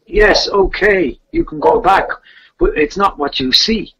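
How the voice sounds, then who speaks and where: A man quoting a calm, enchanting mythical island queen while telling a legend. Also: very high voice, a little slow, gravelly, breathy edge, muffled recording, voice pushed up, heavily acted.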